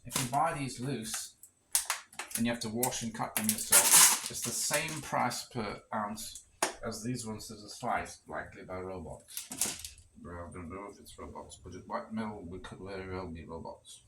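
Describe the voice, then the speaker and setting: Man, low voice, rambling cooking chat, wry asides, roomy kitchen, distant mic with noise. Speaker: cooking vlogger. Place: kitchen with gas stove in a rental. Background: pot boiling on the stove.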